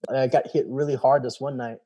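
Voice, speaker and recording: A man's voice: mid-range voice, steady tone, fast talker, dark tone. A man, a former special operations soldier, telling his personal story candidly in an interview, acting out the voices of people he quotes and swearing casually.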